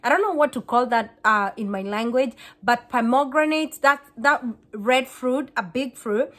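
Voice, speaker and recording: A woman, a Kikuyu speaker, chatting fast to camera in a casual vlog, often repeating and restarting words. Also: on the high side, a bit bright. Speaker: vlogger.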